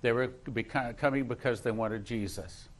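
A man's voice: medium pitch, normal speed. Emphatic male pastor telling a story. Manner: emphatic, rising in intensity, repeats words for stress. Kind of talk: sermon with personal storytelling.

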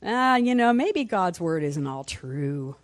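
A woman's voice: on the low side, very animated, slow pace, no echo. A woman voicing the devil as a sneering male tempter, drawn out and taunting, while teaching a Sunday school class.

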